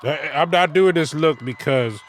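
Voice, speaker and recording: A man giving casual, animated reaction commentary from inside his car, laughing and swearing as he critiques. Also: on the high side, moderate pace, over a noisy crowd, heavy background noise. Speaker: music reaction vlogger.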